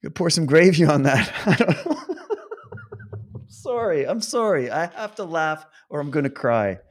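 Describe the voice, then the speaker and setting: A man's voice: on the high side, animated, brisk. A man delivering an impassioned monologue to viewers, laughing often and switching between mocking and solemn tones. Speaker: protest supporter addressing viewers.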